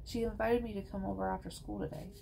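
A woman's voice: medium pitch, fairly even intonation, fast talker, gravelly, warm tone, a little hiss or hum, rough recording. A woman voicing a wary, sensible preteen girl who speaks in a plain, reasonable way in a storybook reading.

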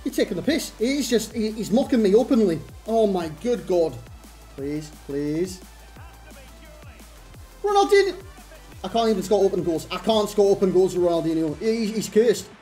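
A man's voice: high-pitched, normal speed, dark tone, faint music behind. A man, commentating his own video game match in exasperated, self-mocking rants. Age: 30s. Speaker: gaming YouTuber. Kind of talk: live gameplay commentary.

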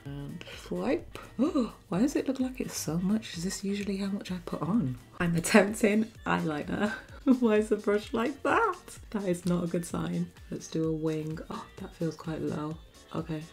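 A woman's voice: on the low side, animated, normal speed, creaky. A young woman chatting casually while doing her makeup, giggling often and telling corny jokes. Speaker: beauty vlogger. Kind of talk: casual makeup challenge chat. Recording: soft music behind.

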